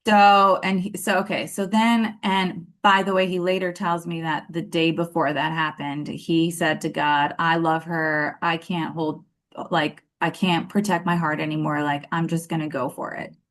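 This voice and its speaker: A woman in her thirties telling her love story in a casual interview, animated and acting out what people said, with lots of fillers. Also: low-pitched, normal speed. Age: 30s. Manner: animated, acts out quoted dialogue, many fillers.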